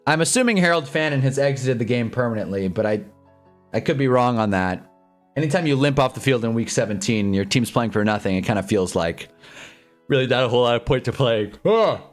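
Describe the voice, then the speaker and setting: A man hosts a live football stream, rambling through casual commentary, reading chat and getting loud and excited over big plays. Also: medium pitch, fairly quick, soft background music.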